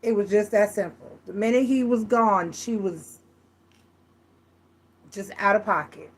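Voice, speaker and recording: A woman's voice: medium pitch, a little slow, breathy edge. A woman giving a casual, frank tarot reading, chatty and full of restarts. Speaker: tarot reader.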